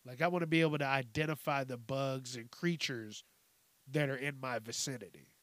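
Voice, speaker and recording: A young man hosting a podcast, ranting profanely about the news and mocking people in quick put-on voices. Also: medium pitch, a bit bright, no echo. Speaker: podcast host. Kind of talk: casual ranting commentary.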